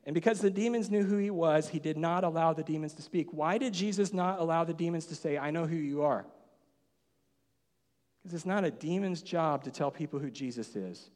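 A man delivering a sermon from a church stage with a slightly high voice. He moves between quiet, intimate asides and animated, emphatic storytelling. Long reverb from the sanctuary trails each phrase. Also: a little fast. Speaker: pastor.

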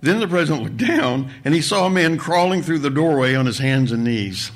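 A man, a pastor, reading a story aloud with expressive delivery during a sermon. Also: a little high, a little fast, few pauses. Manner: expressive storytelling, voices the characters.

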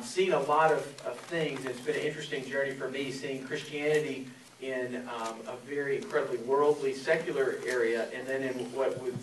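A man's voice: mid-range voice, background noise. A man in his forties from Florida, preaching a sermon as a pastor in a conversational storytelling way with many fillers. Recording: echoey room from a distance.

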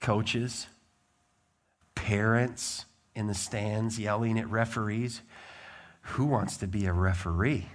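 A man preaching a sermon as a pastor, emphatic and blunt, with lively swings in his delivery. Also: on the low side, slow, pauses often.

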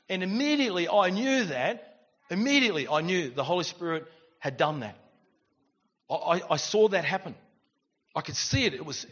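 A middle-aged man, preaching a sermon and telling stories in an animated way with quiet asides. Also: a little high. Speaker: pastor. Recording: dull recording in a reverberant church hall.

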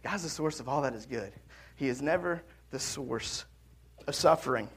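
A man preaching a sermon in a conversational way, swinging between loud emphasis and quiet, hushed drops. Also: mid-range voice, normal speed, husky. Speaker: pastor.

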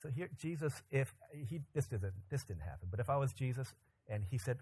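A pastor preaching a sermon, animated and joking, with loud emphatic climbs in his voice. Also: mid-range voice, brisk, slightly rough.

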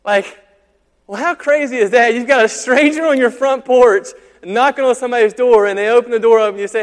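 A man preaching a sermon as pastor, in a conversational, animated way with frequent restarts. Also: very high voice, a little fast. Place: church sanctuary. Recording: long hall reverb.

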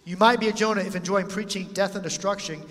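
A man's voice: high voice, steady tone, quick pace, a bit bright. A man preaching a sermon in a conversational way, reading scripture and acting out quotes. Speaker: pastor. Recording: long hall reverb.

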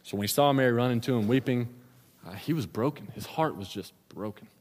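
A pastor with a medium-pitched, darkish voice preaches a sermon at a fairly quick pace. He retells the scripture story in a casual, slangy storytelling style, with the long reverb of a large hall.

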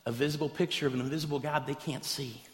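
A man preaching a sermon as pastor, telling stories with animated, acted-out voices. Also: mid-range voice, fast. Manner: animated storytelling, acts out voices in anecdotes. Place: large church hall. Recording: echoey hall, preached from a stage.

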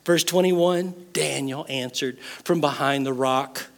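A man preaching a sermon, retelling a Bible story in an animated way and acting out the characters' words. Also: mid-range voice, unhurried, gravelly. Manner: animated storytelling, acts out the king's and Daniel's words. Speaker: pastor.

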